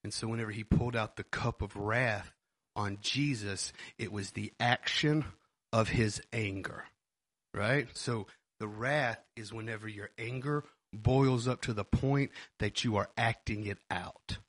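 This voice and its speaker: A man's voice: on the low side, steady tone, unhurried, a bit bright, no echo. A man co-hosting a faith podcast, explaining Bible terms in a casual way, often repeating words and checking that listeners follow. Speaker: podcast co-host. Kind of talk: casual Bible teaching chat.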